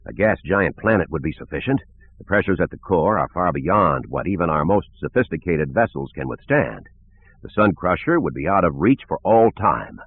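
A man's voice: deep voice, sing-song, moderate pace, slight background noise. A man voicing a confident male general who speaks in a plain, assured way. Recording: tinny phone-like lo-fi audio.

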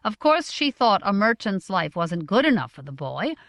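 A woman narrating a novel in a measured, expressive reading. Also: medium pitch, no room sound, studio quality. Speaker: audiobook narrator.

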